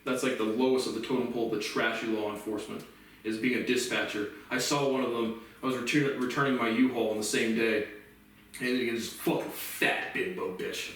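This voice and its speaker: A man delivering an angry, profane vlog rant that bursts into shouting. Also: mid-range voice, steady tone, fast, distant mic, a little hiss or hum. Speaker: vlogger. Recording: very echoey room, voice off-mic.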